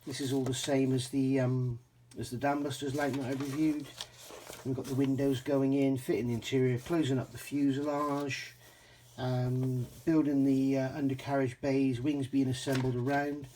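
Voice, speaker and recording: A man's voice: medium pitch, little pitch movement, moderate pace, dark tone, slight background noise. A man from England casually reviewing a scale model kit, chatty with frequent ums and self-corrections.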